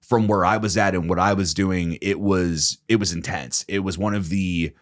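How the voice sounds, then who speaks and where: A man's voice: sits low, fairly even intonation, moderate pace, no room sound, clean studio sound. A man co-hosting a casual podcast, talking in an earnest, rambling way. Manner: rambling, many fillers and restarts, earnest. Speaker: podcast co-host. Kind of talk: casual chat.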